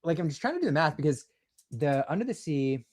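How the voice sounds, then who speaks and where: A man co-casting a live card game match, excitable, repeating words and reacting loudly to plays. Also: on the high side, brisk, no echo. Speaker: esports co-caster.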